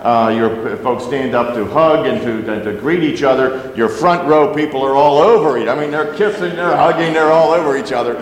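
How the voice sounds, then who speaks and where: This pastor's mid-range voice moves briskly with few pauses. His sermon to the congregation is loose and conversational, packed with asides and fillers, recorded in a spacious sanctuary with long reverb.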